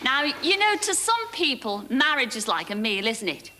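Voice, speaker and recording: A woman hosting a TV game show in a studio, teasing and joking with the contestants in lively banter. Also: a little high, normal speed. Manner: teasing, jokey, chatty. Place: TV studio with live audience. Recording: hissy old VHS TV recording. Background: loud studio audience.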